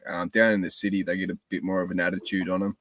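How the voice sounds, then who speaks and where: A man's voice: low voice, little pitch movement, fast talker, a bit bright, no echo. A man chatting casually on a live stream, laid-back and matter-of-fact.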